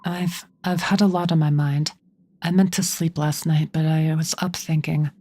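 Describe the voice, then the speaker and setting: A woman's voice: low-pitched, steady tone, normal speed, mellow. A woman reading a blunt young hero. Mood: plain. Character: young mercenary leader, plain and blunt.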